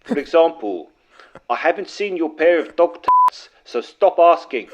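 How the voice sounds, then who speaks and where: A man's voice: fairly high pitch, huge pitch swings, a little slow, a bit bright, dull audio, full character voice. A man voicing an angry, swearing South African man leaving a complaint voice message, in a South African accent. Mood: indignant. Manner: indignant, blunt, sweary.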